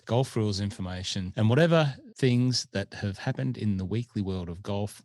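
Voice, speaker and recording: A man's voice: on the low side, darkish tone, dry recording. A man, co-hosting a podcast in casual chat, rambling with many fillers and restarts. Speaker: podcast co-host.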